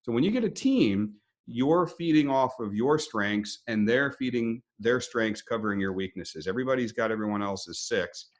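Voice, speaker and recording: A man's voice: medium pitch, animated, moderate pace, few pauses. A man hosting a webinar interview, explaining in a conversational way with acted-out quotes.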